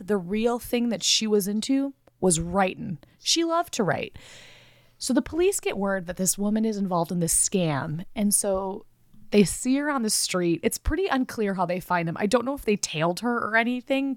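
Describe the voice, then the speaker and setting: A woman's voice: mid-range voice, no echo, studio quality. A woman from the United States, co-hosting a podcast, telling a story in a playful, jokey way. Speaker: podcast co-host. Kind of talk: casual chat and storytelling.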